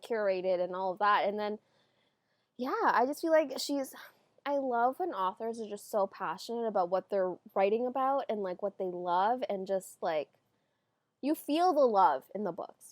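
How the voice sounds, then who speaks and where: A woman's voice: mid-range voice, animated, moderate pace, no echo, clean studio sound. A woman co-hosting a book podcast in casual chat, enthusiastic, with many fillers. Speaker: podcast co-host.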